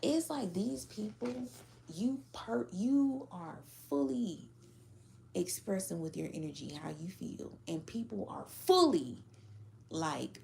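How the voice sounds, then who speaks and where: A woman's voice: medium pitch, animated, slow pace, vocal fry, a little mellow, a little hiss or hum. A woman giving a casual tarot reading to a general audience, blunt and profane, acting out how other people react. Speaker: tarot reader.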